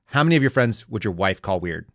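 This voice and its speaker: A man's voice: on the low side, expressive, quick pace, a bit bright, dry recording, clean studio sound. A middle-aged man hosting a podcast, chatting casually and with strong opinions, joking and slipping into brief mocking voices. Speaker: podcast host. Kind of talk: casual political commentary.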